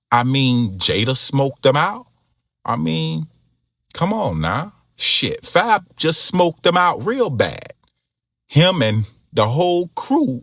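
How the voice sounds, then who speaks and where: A man's voice: mid-range voice, a bit bright, no room sound, clean studio sound. A man hosting a commentary broadcast, talking bluntly in slangy, conversational opinion. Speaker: commentary channel host.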